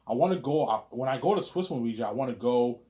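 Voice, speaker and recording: A man talking in a casual, rambling monologue, repeating words and restarting sentences, with loud excited bursts that drop to low mutters. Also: racing. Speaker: vlogger.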